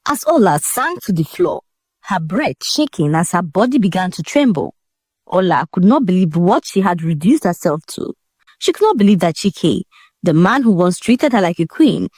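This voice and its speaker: A woman narrating a dramatic folk tale in a lively storytelling manner. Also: medium pitch, moderate pace, dry recording.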